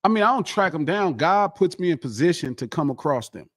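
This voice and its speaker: A man's voice: a little high, expressive, brisk, dry recording, studio quality. A man guest on a podcast, chatting casually and boastfully, repeating himself for emphasis. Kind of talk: casual chat.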